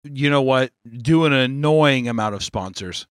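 A man co-hosts a casual podcast with a bright, sharp-edged voice. He talks in a profane, joking way and keeps things loose. The sound is dry and close. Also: medium pitch, a little slow, smooth, dry recording. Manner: profane, joking, slips into mock Australian voices. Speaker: podcast co-host. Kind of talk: casual chat.

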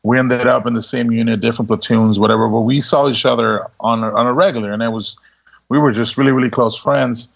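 A man telling a story as a podcast guest, laid-back and quick to laugh, with many fillers and restarts. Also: mid-range voice, steady tone, vocal fry. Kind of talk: casual storytelling. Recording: dull lo-fi sound.

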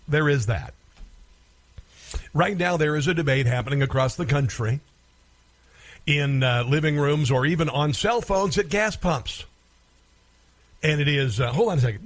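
Brief: male talk radio host, a bit high-voiced, sarcastic and combative. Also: moderate pace, pauses often. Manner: sarcastic, combative, mocking asides. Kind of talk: political talk radio monologue.

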